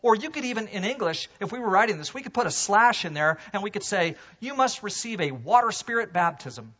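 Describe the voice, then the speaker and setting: Husky, animated man preaching. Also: a little fast, highs cut off. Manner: animated preaching, swings from loud emphasis to hushed low asides. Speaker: pastor. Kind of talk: sermon. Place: church sanctuary.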